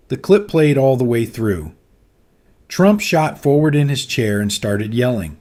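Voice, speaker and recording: A man's voice: medium pitch, measured pace, a little mellow. A man narrating a scripted story in a dramatic, suspenseful manner.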